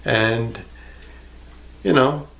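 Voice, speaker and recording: A man's voice: medium pitch, drawn-out words, vocal fry, a bit bright. A man ranting to the camera in a rambling, sarcastic way, swearing freely and answering an imagined viewer. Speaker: vlogger. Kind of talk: rambling casual rant to camera.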